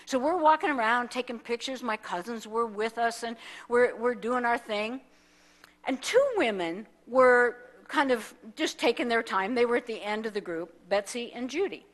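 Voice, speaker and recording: Woman minister, somewhat high voice, animated sermon storytelling that acts out the people in it, church setting. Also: moderate pace. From United States. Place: church sanctuary.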